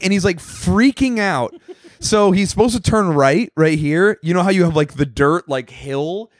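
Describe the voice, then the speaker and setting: A man's voice: high-pitched, animated, normal speed, dry recording. A man co-hosting a podcast, telling rambling, profane stories in casual chat and acting out what people said. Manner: rambling storyteller, swears freely, acts out quotes. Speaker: podcast co-host.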